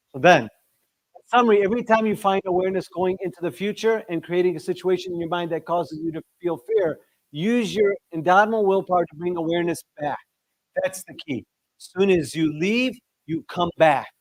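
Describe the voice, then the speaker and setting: A middle-aged man leading a religious discussion for adults, lively and often asking his listeners questions. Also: fairly quick, dry recording. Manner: lively, asks the audience questions, shifts pitch sharply for emphasis. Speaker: discussion leader. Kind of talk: religious talk to an audience.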